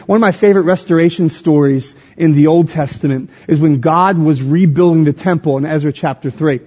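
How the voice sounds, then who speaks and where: A man from Philadelphia preaching a sermon as pastor, with an expressive call-and-response delivery. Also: sits high, breathy edge. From Philadelphia, USA. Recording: dull lo-fi sound with long hall reverb.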